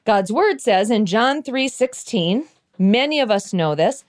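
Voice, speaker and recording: A woman giving a Christmas devotional, telling a family story in an expressive storytelling way and slowing down for emphasis. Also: medium pitch.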